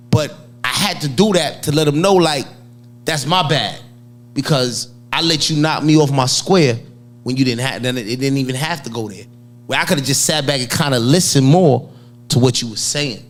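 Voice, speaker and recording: A middle-aged man, co-hosting a casual talk show and telling a family story with shouts and laughter. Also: medium pitch, a little fast, soft background music. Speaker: co-host. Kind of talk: casual chat.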